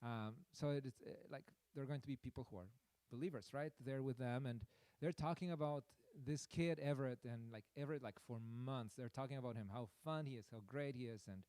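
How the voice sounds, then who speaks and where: A man's voice: mid-range voice, fairly quick, a little mellow, smooth, dry recording. A man preaching a sermon through a personal story, in a rambling, self-deprecating way with many fillers.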